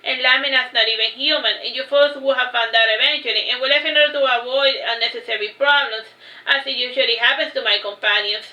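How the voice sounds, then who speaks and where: A woman putting on a wary undead male companion who frets and grumbles, his voice bright and pushed higher as he objects. The words ring in a roomy, echoing space. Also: fairly even intonation, quick pace, highs cut off. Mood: explaining. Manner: alarmed, fretful. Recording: roomy echo.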